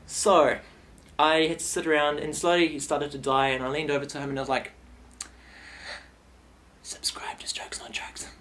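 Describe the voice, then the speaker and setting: A man's voice: on the high side, fairly quick, few pauses. A young man telling a silly comic story in a vlog, rambling and playful. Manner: rambling, playful, animated retelling. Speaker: vlogger.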